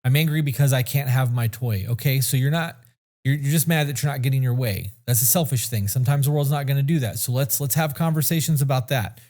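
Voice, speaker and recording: A man's voice: mid-range voice, quick pace, a little mellow. A man co-hosting a podcast in casual chat, blunt and rambling, swearing freely. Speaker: podcast co-host.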